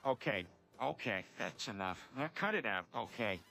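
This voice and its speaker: A man's voice: on the low side, expressive, normal speed, gravelly, bright, forceful tone, soft background music, heavily acted. A synthetic man's voice playing an easygoing, bumbling middle-aged cartoon dad who stumbles and repeats himself. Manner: stumbling, repetitive phrasing.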